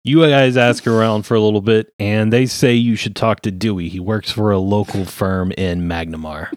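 A man running a tabletop game as game master, narrating in an unhurried, hesitant way with fillers. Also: on the low side, steady tone, no room sound.

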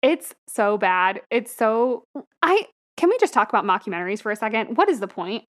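A woman's voice: on the high side, sing-song, brisk. Laughing woman recapping a movie plot. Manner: laughs often while recapping plots. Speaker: podcast co-host. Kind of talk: casual movie review chat.

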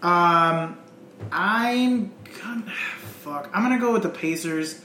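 High-voiced opinionated man, echoey room. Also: takes it slowly, pushed and bright. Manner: opinionated, swears often. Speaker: podcast co-host. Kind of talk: casual chat. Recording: echoey room, faint noise.

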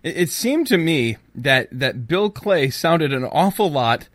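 A man's voice: fairly high pitch, animated, a little slow, fairly bright tone, no echo. A man co-hosting a comedy podcast, playfully rambling and building on running gags. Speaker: podcast co-host. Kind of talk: improvised comedy banter.

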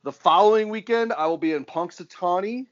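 A man's voice: high voice, fairly quick, lo-fi sound. A man hosting a podcast in casual chat, loose, joking and profane. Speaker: podcast host.

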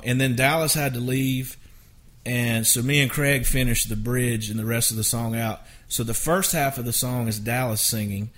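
A middle-aged man, a songwriter telling rambling, animated anecdotes in a casual interview. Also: medium pitch. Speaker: songwriter guest.

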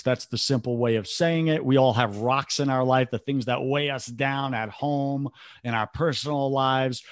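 A man's voice: medium pitch, no echo, studio quality. A man talking earnestly in short reflective phrases in a casual podcast conversation, as a business coach.

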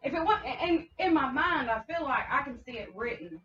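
A woman in casual chat, blunt and animated, swearing often. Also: high-pitched, moderate pace, slight background noise. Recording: echoey, distant, dull sound.

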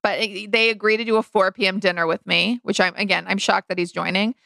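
Gravelly bright-voiced woman telling a story. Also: fairly even intonation, fast, no echo. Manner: chatty, acts out quoted lines with big pitch jumps. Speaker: podcast co-host. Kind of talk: casual storytelling chat.

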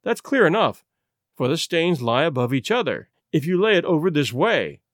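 A man's voice: on the high side, big pitch swings, moderate pace, no room sound, studio quality. A man reading a story aloud and voicing a brash, self-satisfied police inspector who lectures and boasts. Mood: smug. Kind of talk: audiobook reading.

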